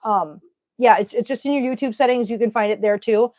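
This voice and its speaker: A woman's voice: a little high, brisk, dry recording, lo-fi sound. A woman with a Minnesotan accent hosting a casual livestream, chatting with viewers and telling stories. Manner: chatty, storytelling, greets viewers warmly. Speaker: livestream host.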